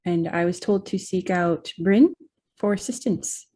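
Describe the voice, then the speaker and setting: A woman's voice: lowish voice, measured pace, dark tone. A woman voicing a tiny adventurer who speaks formally and refers to herself in the third person. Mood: earnest.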